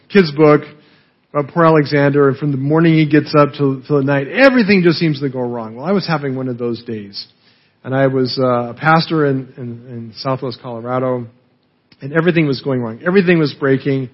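A man with a husky, slightly high voice preaches a sermon in a church service, chatty and personal, tossing "right?" back to the congregation every few lines. The recording is dull and muffled, with the top end rolled off. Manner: conversational preaching with frequent "right?" tags. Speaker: pastor.

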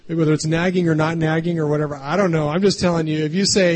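A man delivering a sermon in a loose, conversational way, often tagging his points with a quick "right?". His voice is husky and sits fairly high. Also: steady tone, a little mellow. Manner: chatty, keeps adding "right?". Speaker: pastor.

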